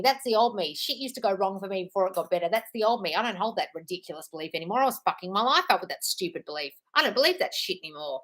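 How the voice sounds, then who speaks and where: A woman's voice: medium pitch, animated, rapid-fire, few pauses. Woman coach, live-stream Q&A, blunt and profane, calls everyone darling. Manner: blunt, swears casually, calls listeners darling. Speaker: manifestation coach. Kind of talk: live-stream Q&A reading viewer comments.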